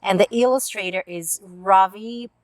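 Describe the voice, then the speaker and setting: A woman's voice: mid-range voice, unhurried, no echo. A woman casually reviewing picture books to camera, earnest and openly emotional as she talks. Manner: earnest, emotional, tearful at moments. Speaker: book reviewer. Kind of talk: casual book review vlog.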